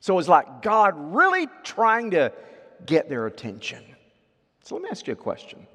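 A man preaching a sermon as pastor, swinging from loud, emphatic scripture readings to quiet asides and questions to the congregation. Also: high-pitched, huge pitch swings, normal speed. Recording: long hall reverb.

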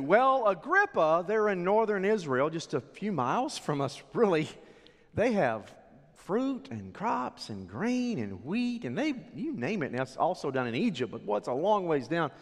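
A man preaching a sermon as a pastor, telling the story with animated drama. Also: high-pitched, moderate pace. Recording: long hall reverb.

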